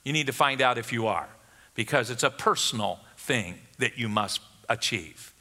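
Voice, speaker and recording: A man's voice: medium pitch, expressive, moderate pace, bright, forceful tone. A man preaching a sermon as pastor, emphatic and rising for questions. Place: church. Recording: long hall reverb.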